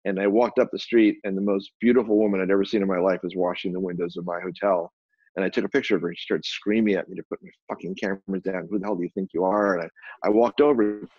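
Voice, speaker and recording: An older man with a low, husky voice tells stories at a fast clip, restarting his sentences as he goes. The recording is dry and a little muffled. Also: no echo. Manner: brisk, animated anecdote telling with quick restarts. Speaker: guest, photographer and publisher. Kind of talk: storytelling in a conversation.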